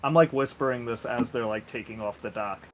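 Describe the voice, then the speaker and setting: A man's voice: medium pitch, fairly quick, soft background music, poor audio. Regular-voiced guy playing dnd, lotta ums. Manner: hesitant, filler-heavy. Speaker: player. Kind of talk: casual tabletop chat.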